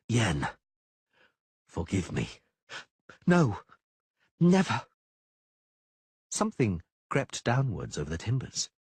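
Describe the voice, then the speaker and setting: A man narrating an audiobook in a dramatic, lively reading style. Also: deep voice, breathy edge, dry recording. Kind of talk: scripted narration.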